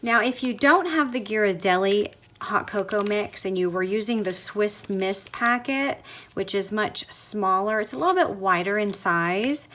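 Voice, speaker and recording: A woman demonstrates a paper craft step by step, chatting as she works and gushing over the cute results. Her voice sits at a comfortable middle pitch. A faint background hiss runs under the recording. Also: unhurried, a bit bright.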